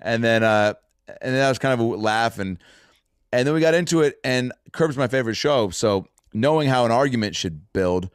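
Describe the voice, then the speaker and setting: Animated, lively male comedian storyteller. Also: medium pitch, normal speed, clear, resonant tone, dry recording, clean studio sound. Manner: animated, swearing, acts out quotes. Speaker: comedian guest. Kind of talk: casual storytelling on a podcast.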